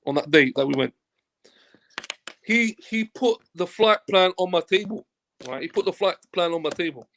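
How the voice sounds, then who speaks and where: Gravelly man telling a story. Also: high voice, normal speed, slight background noise. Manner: animated storyteller who acts out quoted dialogue and swears freely. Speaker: football agent, interview guest. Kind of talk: casual anecdote told in an interview.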